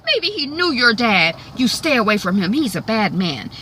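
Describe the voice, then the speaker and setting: A woman doing a shrill, defensive mother. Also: big pitch swings, normal speed, sharp tone, a little hiss or hum. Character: hard-living mother, defensive and sharp.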